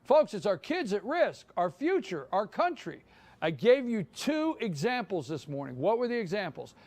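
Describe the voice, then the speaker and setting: Fired-up high-voiced man. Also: very animated, moderate pace, darkish tone. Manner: fired-up, emphatic, repeats his points. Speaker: morning show host. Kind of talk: live opinion monologue. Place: live broadcast from a downtown spot.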